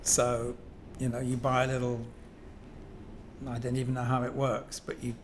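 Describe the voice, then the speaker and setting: A man's voice: medium pitch, monotone, normal speed, slight background noise. An Englishman in his seventies talking about objects in a reflective, digressive way, full of ums and self-corrections. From England. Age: 70s. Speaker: guest sculptor. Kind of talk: reflective conversational monologue.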